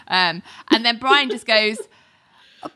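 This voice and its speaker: A woman co-hosting a casual podcast, retelling a TV episode in an animated way and acting out the characters' lines. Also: mid-range voice, unhurried. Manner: animated storytelling, acts out quotes. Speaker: podcast co-host recapping a TV episode. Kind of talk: casual chat.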